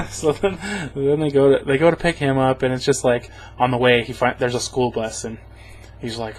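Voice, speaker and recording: A man's voice: medium pitch, moderate pace, fairly bright tone, a little hiss or hum, poor audio. A man casually recapping a movie for a review, rambling and sarcastic, chuckling often.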